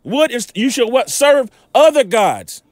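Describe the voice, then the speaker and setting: Reading verses aloud, a male Bible teacher keeps interrupting himself with emphatic rhetorical questions in an informal teaching style. His voice is extremely high and animated, and he keeps a measured pace. There is no echo.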